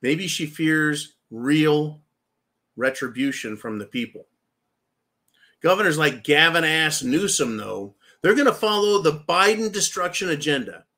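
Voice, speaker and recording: A man with a high, bright voice delivers a profane political rant, swearing freely and turning again and again to his "folks". He speaks as a commentary-show host and sounds vehement throughout. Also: expressive, measured pace.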